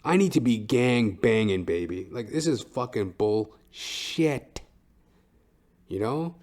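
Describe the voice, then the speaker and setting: A man's voice: mid-range voice, lively intonation, slow pace, darkish tone. A man hosting a podcast, telling a comic story in a profane, ranting way with frequent "right?". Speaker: podcast host.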